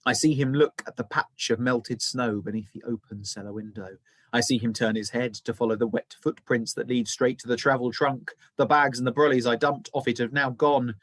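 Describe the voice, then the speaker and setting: A male teacher reading a children's novel aloud, with expressive, dramatic storytelling. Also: medium pitch, normal speed, dry recording.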